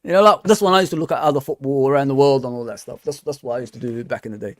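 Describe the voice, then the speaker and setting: A man's voice: medium pitch, very fast, dry recording. A man hosting a casual fan live stream, ranting and repeating "come on, man" at the end of his points. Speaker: fan channel host.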